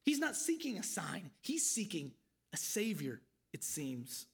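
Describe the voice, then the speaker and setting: A man's voice: sits high, huge pitch swings, measured pace, fairly bright tone, husky. A man preaching an expository sermon, earnest and pleading, asking his listeners questions.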